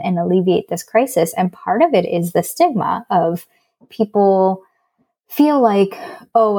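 Earnest woman psychologist, slightly low voice. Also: darkish tone. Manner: earnest, measured, repeats words when restarting. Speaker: child psychologist guest. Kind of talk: explanatory interview talk.

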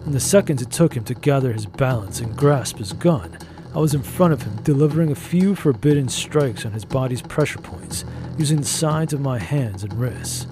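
A man's voice: medium pitch, lively intonation, moderate pace. Man narrating a story evenly. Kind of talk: first-person story narration.

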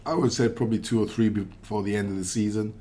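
A man talking as a pundit in a casual podcast chat, measured and reflective with frequent fillers. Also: fairly low pitch, fairly even intonation, warm tone. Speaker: pundit, former footballer.

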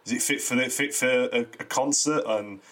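A man's voice: medium pitch, moderate pace, a bit bright. A man chatting casually as a podcast co-host, rambling and repeating words. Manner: rambling, repeats words while searching for them. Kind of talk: casual chat.

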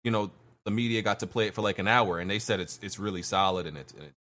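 A man's voice: fairly low pitch, fast talker, fairly bright tone. A man co-hosting a casual gaming podcast, talking in a laid-back way with lots of fillers. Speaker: podcast co-host.

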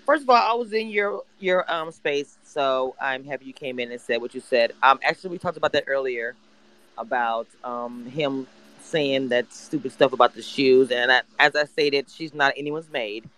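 A woman's voice: extremely low pitch, normal speed, a bit bright, low-quality recording. A woman hosting a casual audio chat room, speaking emphatically with hesitant "um" fillers.

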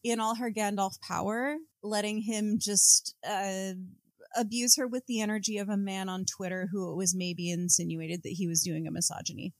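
Woman co-host, wry book-club banter, mid pitch, dry close recording. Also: steady tone, moderate pace, no echo. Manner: wry, quotes the book with mock outrage. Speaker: podcast co-host. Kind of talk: casual book-club chat.

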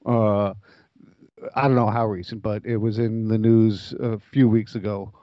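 A man's voice: on the low side, little pitch movement, a little slow, no echo, dull audio. A man chatting casually and telling stories, rambling with frequent restarts. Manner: rambling, lots of restarts, laughs at own jokes. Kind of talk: casual chat, storytelling.

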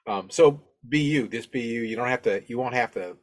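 A man's voice: mid-range voice, normal speed. A man hosting a podcast, giving casual advice in a rambling, friendly, self-deprecating way with lots of fillers and restarts, into a podcast microphone. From Alabama, US. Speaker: podcast host.

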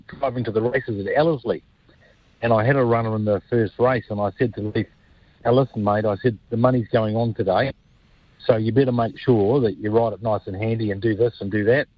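A man's voice: fairly low pitch, no room sound. A man, a racehorse owner telling stories in a casual radio interview, rambling and restarting as he goes. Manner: chatty, rambling with restarts, animated when telling anecdotes. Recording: dull lo-fi phone-like line.

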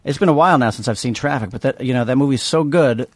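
Co-host: brisk, talkative man, medium pitch, dry studio sound. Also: dry recording. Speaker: podcast host. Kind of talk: casual podcast chat.

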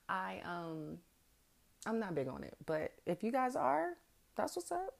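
A woman's voice: mid-range voice, sing-song, a little slow, gravelly. A woman hosting a podcast, telling a personal story in a frank, profane, casual way, laughing often and acting out what people said. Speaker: podcast host.

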